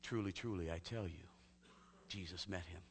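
A male pastor telling a personal story in a sermon, talking conversationally and often dropping to a hushed near-whisper. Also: low voice, normal speed, a little hiss or hum. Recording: long hall reverb.

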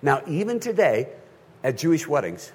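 A male pastor preaching a sermon in an animated way, often checking in with his listeners. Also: a little high, moderate pace, breathy edge.

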